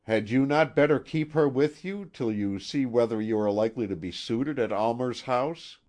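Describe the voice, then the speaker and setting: A man's voice: mid-range voice, moderate pace, darkish tone, pitched above the performer's own voice, natural voice. A man voicing a serious, formal husband who speaks stiffly. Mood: concerned. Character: grave, serious middle-aged husband.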